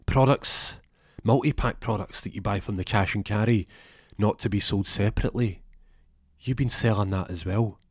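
A man's voice: lowish voice, normal speed, breathy edge, no echo, clean studio sound. A man voicing a self-important young detective who rambles off topic. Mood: pompous. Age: 20s.

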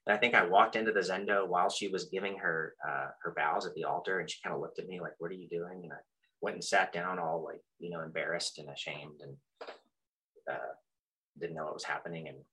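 A middle-aged man telling a personal story in a halting, reflective way, full of fillers and restarts, with soft self-deprecating chuckles. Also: sits low, steady tone, low-quality recording. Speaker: practitioner sharing his story.

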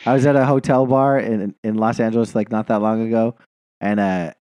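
A man's voice: on the low side, steady tone, fairly quick, warm tone, no room sound. A man co-hosting a podcast, telling a long, rambling story in casual chat, swearing and laughing often. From New Jersey. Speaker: podcast co-host.

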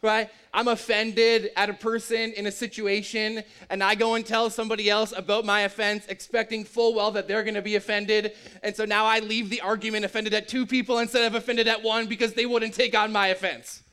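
A man's voice: high-pitched, little pitch movement, a little fast, few pauses, sharp tone, smooth. A man preaching a sermon in a conversational, joking and emphatic way. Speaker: pastor.

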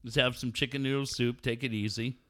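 A man's voice: mid-range voice, fairly even intonation, a little fast, bright, forceful tone. A middle-aged man co-hosting a podcast in crude casual chat, profane and mocking, laughing often. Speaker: podcast co-host.

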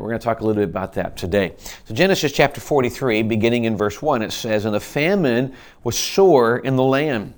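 Guy preaching, reads the bible verses then talks them through, restarts a lot. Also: on the low side. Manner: reads scripture aloud then explains it conversationally, with frequent restarts. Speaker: pastor. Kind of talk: expository Bible teaching.

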